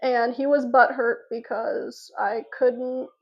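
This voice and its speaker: Slow, rambling woman vlogger, lo-fi sound. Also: on the high side, level tone. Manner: rambling, filler-heavy, frequent restarts. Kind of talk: casual storytelling to camera.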